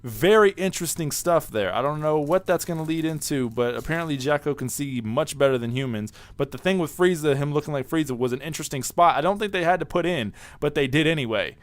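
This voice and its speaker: A man giving a casual spoken review of an anime episode, rambling and excitable, often restarting and correcting himself. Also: fairly high pitch, quick pace, hardly any pauses, no echo.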